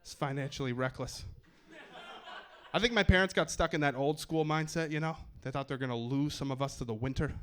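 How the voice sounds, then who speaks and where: A man with a slightly high voice performs a stand-up set on a club stage with a handheld mic. His delivery is wry and self-mocking, with punchy timing. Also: brisk. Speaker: stand-up comedian. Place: comedy club stage in New York.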